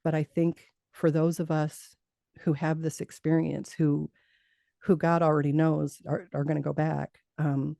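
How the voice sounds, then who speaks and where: A middle-aged woman recounting her own experience as an interview guest, her voice mellow and edged with gravelly fry. She speaks earnestly, laughs often and stumbles over repeated words. The sound is close and dry. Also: sits low, little pitch movement, a little slow, dry recording. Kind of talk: personal storytelling in an interview.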